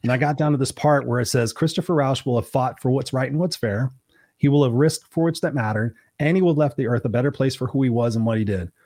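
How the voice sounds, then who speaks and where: A man in his forties hosting a podcast, telling stories in an energetic, motivational way. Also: medium pitch, fast talker, no echo, clean studio sound. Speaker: podcast host. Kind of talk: casual interview conversation.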